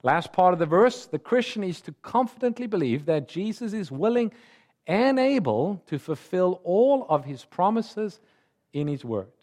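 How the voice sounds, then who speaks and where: A man preaching a sermon in an earnest, emphatic way, slowing down and rising in pitch on key words. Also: big pitch swings, a little mellow.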